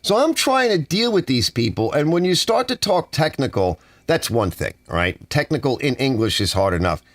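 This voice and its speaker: Man, from the US, ranting, exasperated, lively swings in pitch, dry studio sound. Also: moderate pace, no echo. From United States. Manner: exasperated, animated complaining with softened swearing. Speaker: channel host. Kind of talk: ranting casual monologue. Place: home garage studio.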